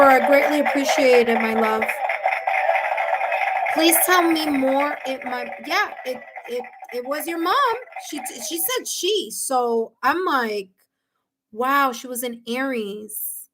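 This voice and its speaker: Woman, fairly high voice, effusive tarot reader, live-stream chat, lots of fillers and restarts. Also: slow pace, background noise. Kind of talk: live-stream reading, casual chat with viewers.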